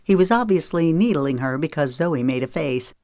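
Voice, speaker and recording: A woman narrating a romance audiobook in a steady, measured storytelling voice on a close studio mic. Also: sits low, no echo. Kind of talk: scripted narration.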